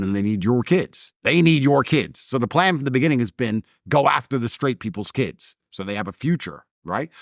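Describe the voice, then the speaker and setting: A man's voice: mid-range voice, no room sound, studio quality. A man in a casual conversation, telling stories in a blunt, emphatic way.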